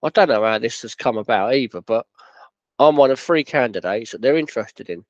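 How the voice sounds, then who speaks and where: A man narrating a football club history in a plain, steady storytelling way, with quoted dialogue. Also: medium pitch, a little fast, no room sound, dull audio.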